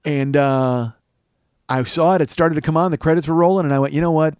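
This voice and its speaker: A man's voice: fairly high pitch, brisk, smooth, no echo. A man hosting a podcast, telling a long profane story and acting out the people in it. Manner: animated, swearing, acts out quoted people. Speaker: comedian and podcast host.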